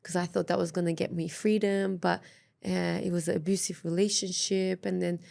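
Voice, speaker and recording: A woman's voice: on the low side, level tone, brisk, creaky, darkish tone. A woman, a podcast guest speaking earnestly and openly about her past. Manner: earnest, open, storytelling with quoted voices. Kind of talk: candid interview.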